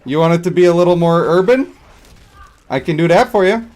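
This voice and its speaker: A man voicing a swaggering street tough who claims to run the whole block, talking loud and challenging. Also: high-pitched, animated, a little fast, pitched above the performer's own voice.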